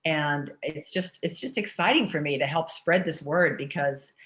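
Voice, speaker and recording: A woman in her sixties, an interview guest, telling her story in a chatty, energetic way with many "you know" fillers. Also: deep voice, moderate pace. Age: 60s.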